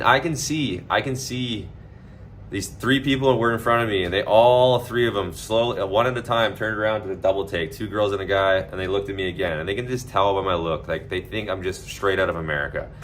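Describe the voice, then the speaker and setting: Chatting loosely on a livestream, a man with a very deep but slightly bright voice swears and rambles, packing his speech with "like" and "you know." A faint hum runs beneath him.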